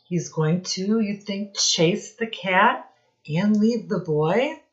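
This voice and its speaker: A woman teacher reading a picture book aloud to young children, asking them questions in a slow, sing-song teacherly way. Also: medium pitch, dull audio.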